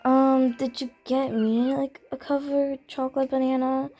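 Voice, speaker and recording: Brief: woman voicing a timid teen girlfriend, pleading and whiny, high, slow. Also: level tone, dark tone, faint music behind.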